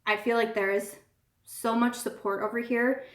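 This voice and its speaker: A woman's voice: fairly high pitch, level tone, moderate pace. A woman hosting a casual live-stream chat, talking in a gushing, earnest way and often repeating herself. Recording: roomy echo.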